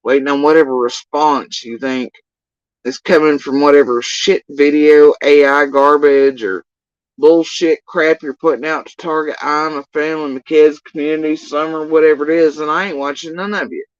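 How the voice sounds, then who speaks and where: A man's voice: fairly high pitch, steady tone, moderate pace, smooth, no echo, highs cut off. A man ranting on a livestream in an exasperated, profane, rambling way. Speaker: livestream commentator.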